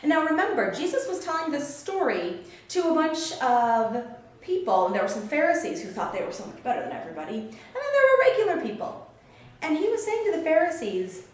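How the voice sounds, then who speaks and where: A woman telling a Bible story to children in an animated way, acting out the characters' lines. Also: high-pitched, far from the mic. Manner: animated, acts out characters' quotes. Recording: very echoey room, faint background noise.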